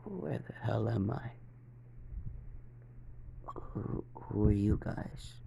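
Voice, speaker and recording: A cold, ruthless boy captive, as a man reads him in a deep, gravelly, unhurried voice. The lines come out flat and calm, low and dark in tone. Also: slight background noise, exaggerated voice. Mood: confused.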